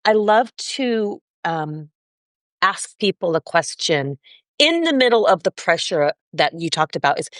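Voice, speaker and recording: A woman's voice: fairly low pitch, sing-song, unhurried, no room sound, studio quality. A woman executive coach as a podcast guest, explaining her ideas in a thoughtful, affirming way. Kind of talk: interview conversation.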